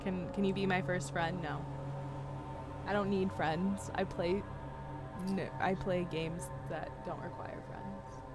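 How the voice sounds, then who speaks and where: A woman streaming a video game live, chatting with viewers and breaking into loud yells and laughter. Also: lowish voice, takes it slowly, loud music behind the voice. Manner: animated, bursts into yelling and laughter. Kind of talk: live gameplay commentary.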